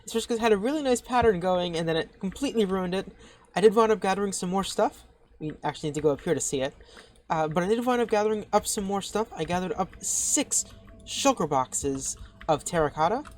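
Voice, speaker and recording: Excitable woman narrating her gameplay. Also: medium pitch, quick pace, slight background noise. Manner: excitable, thinking aloud with frequent restarts. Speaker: channel host. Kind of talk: casual gameplay commentary.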